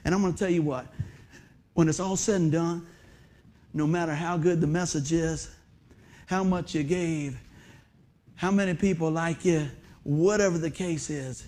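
High-voiced pastor, laughing and whooping. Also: male voice, unhurried, long pauses. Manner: animated, laughing often, with high excited whoops. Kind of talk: humorous storytelling sermon. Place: church sanctuary before a congregation.

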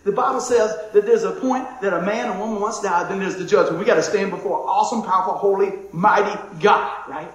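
A man preaching a conversational sermon, excitable and chatty, dropping to a hush and then shouting with excitement. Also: high voice, a little fast, hardly any pauses. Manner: excitable, conversational, swings from loud to hushed. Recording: very echoey room.

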